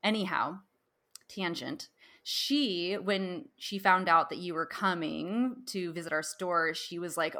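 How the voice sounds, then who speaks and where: A woman's voice: lowish voice, slow pace, pushed and bright. A woman host chatting in a casual podcast conversation, telling a personal story with frequent laughs and fillers. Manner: chatty, laughs often, many "like"s.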